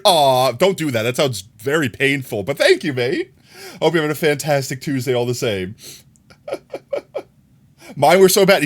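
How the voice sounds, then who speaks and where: A male live streamer talks casually with his chat in a somewhat high voice that swings around a lot. He teases his viewers and keeps dissolving into giggles and high squeals of laughter. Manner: playful and teasing.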